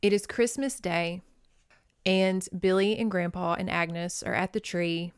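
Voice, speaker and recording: A woman hosting a podcast, recapping a movie in an animated, emotional, casual way with some swearing. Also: fairly low pitch, unhurried, clean tone, no room sound, studio quality. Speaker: podcast host.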